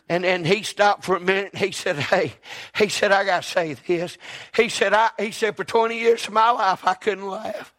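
A middle-aged man preaching a sermon, building fervently into shouted, rhythmic repetitions. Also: high voice.

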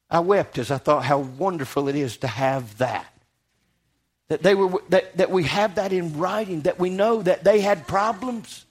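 A man preaching a sermon in a church, rising to fervent passages and putting questions to his congregation. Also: fairly high pitch.

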